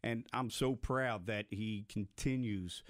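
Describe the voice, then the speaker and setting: A man's voice: on the low side, takes it slowly, no room sound, studio quality. A man, a city councilman guest-hosting a radio show, chatting enthusiastically and repeating himself for emphasis. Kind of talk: casual radio chat.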